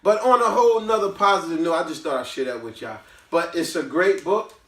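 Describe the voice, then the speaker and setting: A man's voice: fairly high pitch, a little fast, pushed and bright, a little hiss or hum. A man hosting a book review who tells a story casually, with emphatic, preachy asides to his listeners. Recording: roomy, from a distance.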